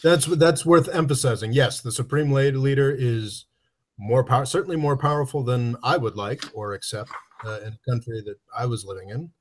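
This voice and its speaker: A man's voice: mid-range voice, normal speed, slight background noise. A man in a casual political discussion who interrupts with questions and hesitant quibbles.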